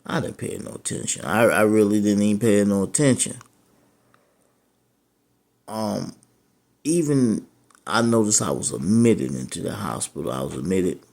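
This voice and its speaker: A man's voice: deep voice, a little slow, gravelly, long pauses, darkish tone. A man, a dialysis patient, telling his own story of being turned away from care, rambling and repeating himself, frustrated and aggrieved. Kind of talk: personal testimony.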